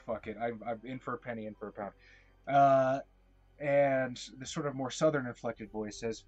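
A man narrating as storyteller of a tabletop game, self-deprecating and hesitant, often pausing on fillers. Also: medium pitch, fairly even intonation, a little mellow, soft background music.

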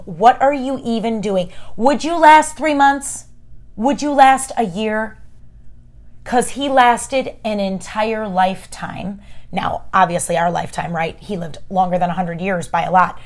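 A woman hosting a casual, encouraging faith talk, chatty and emphatic, speaking straight to her listeners as friends. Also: mid-range voice. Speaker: podcast host.

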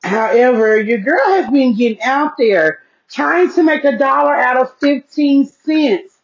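A woman's voice: high voice, lively intonation, a little slow. A woman hosting her solo podcast, chatting folksily into an earpiece mic and often checking in with "okay?". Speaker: podcast host. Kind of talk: casual solo podcast chat. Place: seated at home with devices. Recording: dull lo-fi sound.

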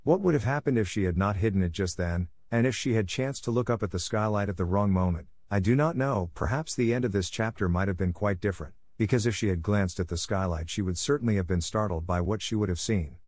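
Man reading a classic novel aloud, lowish voice, dry close sound, steady pace. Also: fast talker, hardly any pauses, no echo. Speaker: narrator. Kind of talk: audiobook narration of a classic novel.

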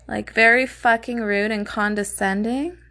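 A woman's voice: on the high side, steady tone, a little slow, sharp tone. A woman telling a true crime story in a casual, blunt way, swearing often and sounding openly indignant.

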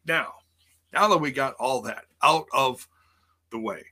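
A man hosting a casual live-streamed wrestling news show, rambling with lots of fillers, quick self-corrections and jokes. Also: medium pitch, sharp tone.

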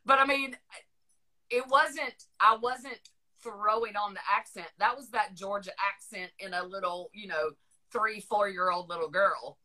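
A middle-aged woman from Northern Virginia, USA, with a Southern US accent, hosts a podcast full of chatty, rambling casual conversation and frequent laughter. Her mid-range voice is unhurried, pushed and bright.

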